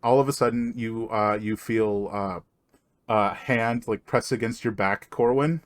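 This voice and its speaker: A man narrating as game master of a tabletop game, halting and restarting often. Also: lowish voice, steady tone. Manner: halting, many fillers and restarts.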